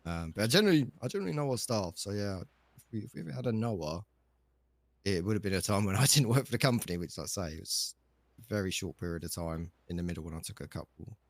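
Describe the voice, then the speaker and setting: A man's voice: lowish voice, expressive, fast, no echo. A man playing a chatty, easygoing shop manager in a game role-play, rambling with lots of fillers. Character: laid-back male shop manager, chatty. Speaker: shop chief operating officer.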